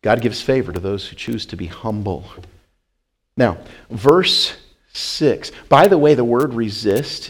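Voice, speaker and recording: Male pastor, conversational sermon, rises to loud emphatic peaks, drops to quiet asides, asks the room questions. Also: mid-range voice. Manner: conversational, repeats phrases, asks the congregation questions. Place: church.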